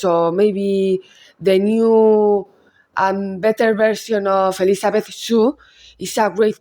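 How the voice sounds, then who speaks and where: A woman's voice: medium pitch, a little mellow. A woman with a Spanish accent, a film reviewer giving a casual analysis monologue who halts, rephrases and repeats words as she goes.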